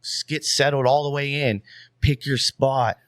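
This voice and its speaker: A man who is a podcast guest, telling a story in a casual, animated way. He swears freely and keeps saying "you know what I mean.". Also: mid-range voice, unhurried, no room sound.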